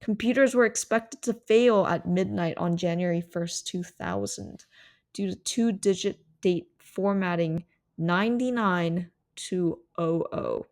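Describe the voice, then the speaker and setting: A woman's voice: on the low side, measured pace, darkish tone. A woman hosting a solo podcast, explaining ideas in a reflective, thinking-aloud way. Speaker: podcast host.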